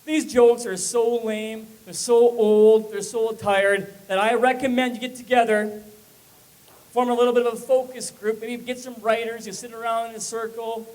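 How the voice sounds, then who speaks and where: A man in his forties from Saskatchewan, Canada, doing energetic live stand-up comedy on a club stage and working up the crowd. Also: extremely high pitch, low-quality recording.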